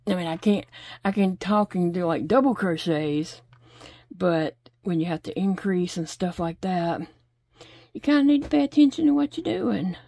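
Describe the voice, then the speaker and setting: A middle-aged woman chats easily about home life as she crochets, laughing often and pausing to count stitches under her breath. Her voice is mellow and soft-edged, heard dry and close with no room around it. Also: on the low side, dry recording. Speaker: crochet vlogger. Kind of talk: casual chat while crocheting.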